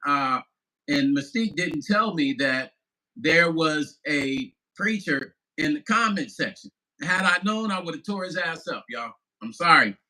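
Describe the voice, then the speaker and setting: A man's voice: on the high side, bright, forceful tone, rough recording. A man in his fifties, a musician vlogger, chatting casually on a livestream, laughing and swearing loosely as he talks to viewers. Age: 50s.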